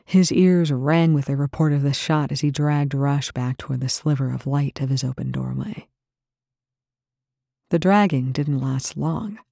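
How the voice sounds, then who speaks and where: Steady storyteller reading a thriller, husky dark voice, dry close sound. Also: mid-range voice, a little slow, dry recording. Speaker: narrator. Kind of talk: scripted narration.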